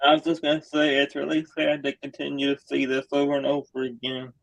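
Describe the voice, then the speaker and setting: A man calling into a live chat room, emotional, halting and apologetic with many uhs. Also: medium pitch, monotone, gravelly, no room sound. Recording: dull dry lo-fi call audio.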